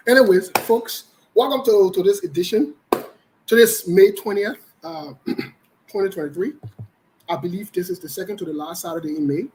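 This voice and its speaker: A man's voice: high voice, dark tone, slight background noise, low-quality recording. A man with a Liberian English accent hosting a live online show, greeting viewers by name in a loose, joking way. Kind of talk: casual livestream chat.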